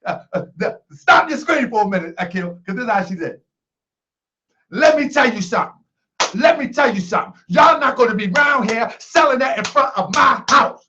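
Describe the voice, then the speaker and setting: A man mimicking a tough woman who warns people off her block, in a threatening tone with a slightly lowered voice. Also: lively intonation, normal speed, background noise. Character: tough woman warning off street dealers.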